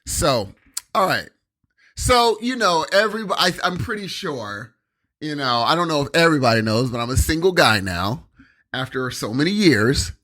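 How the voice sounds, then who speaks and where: A man's voice: on the high side, very animated, moderate pace, pushed and bright. A young man co-hosting a podcast, telling rambling stories in casual chat with lots of fillers and quoted dialogue. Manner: rambling anecdotes with many fillers and quoted voices. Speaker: podcast co-host.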